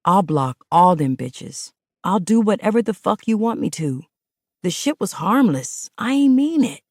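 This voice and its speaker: A woman's voice: lowish voice, expressive, unhurried, dry recording, studio quality. A woman narrator voicing a young man who pleads and coaxes his girlfriend to forgive him, in audiobook dialogue. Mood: pleading. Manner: pleading, coaxing, streetwise. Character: pleading young man, smooth-talking boyfriend.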